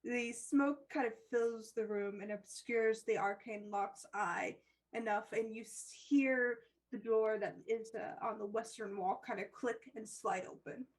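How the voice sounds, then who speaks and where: A woman's voice: on the high side, fairly even intonation, unhurried, low-quality recording. A woman running a tabletop game as dungeon master, narrating scenes and laughing easily.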